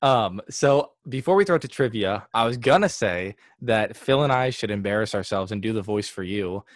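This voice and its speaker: Male co-host, upbeat and animated, dry close sound, on a video call. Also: on the low side, normal speed, dry recording. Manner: upbeat, laughs often. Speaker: podcast co-host. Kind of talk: casual interview chat.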